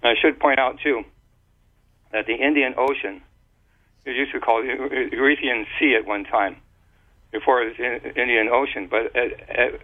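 A man explaining at length in a casual, rambling way, stopping and restarting words often, heard over a phone line. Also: medium pitch. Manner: rambling, halting with many restarts and fillers.

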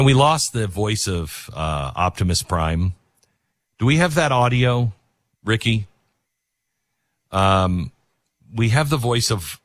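A man's voice: low-pitched, no room sound. A man hosting a talk radio show, rambling in casual commentary with many fillers and restarts.

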